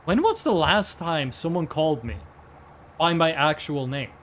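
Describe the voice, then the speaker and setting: Animated Norwegian-accented man, high lively voice. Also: measured pace, a little hiss or hum. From Norway. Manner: animated, rambling, swears often. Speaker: streamer. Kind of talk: casual chat.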